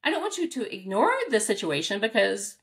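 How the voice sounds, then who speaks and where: An American woman, a dog trainer, answering interview questions in a casual, animated way, acting out reactions with big jumps in pitch and laughing often. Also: brisk. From United States. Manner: frequent fillers and restarts, laughs often.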